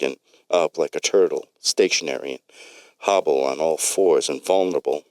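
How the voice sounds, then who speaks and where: A man narrating a comic story in a deadpan, matter-of-fact way. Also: a bass voice, no room sound.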